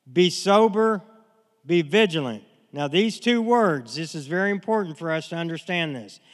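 Male pastor, sermon delivery, earnest, somewhat high voice, long church-hall reverb. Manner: earnest, repetitive, slows to stress key words. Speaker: preacher.

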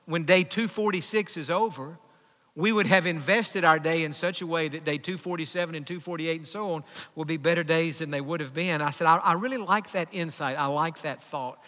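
A man preaching from the pulpit, his voice pitched high and ringing bright as he tells a story. He grows emphatic and presses toward near-shouts. The sound carries a long reverb from the church sanctuary around him. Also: a little fast. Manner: emphatic, rising to near-shouts when quoting. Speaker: pastor. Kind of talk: sermon storytelling.

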